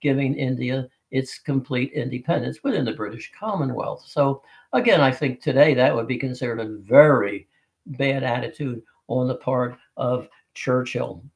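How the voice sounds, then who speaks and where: A man's voice: medium pitch, moderate pace, creaky, rough recording. A man talking through history in a loose, unscripted way, with many restarts and fillers and an occasional chuckle. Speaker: history presenter. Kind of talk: casual history talk.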